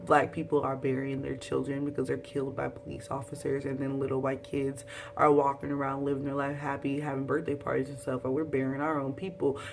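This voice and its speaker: A young woman reviewing a TV episode in a casual vlog. She reads her own tweets aloud and rambles in a chatty, animated way, full of sassy asides and sound effects. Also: very deep voice, creaky, slight background noise.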